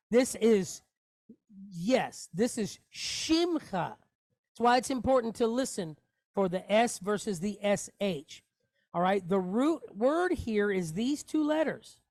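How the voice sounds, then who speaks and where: A woman's voice: medium pitch, a little mellow, no echo. A woman teaching a Hebrew lesson to a class, explaining patiently step by step and often checking that everyone follows.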